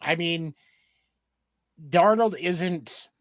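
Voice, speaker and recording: A man co-hosting a sports podcast, talking through points in a measured, casual way. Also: fairly high pitch, no echo, studio quality. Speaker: podcast co-host.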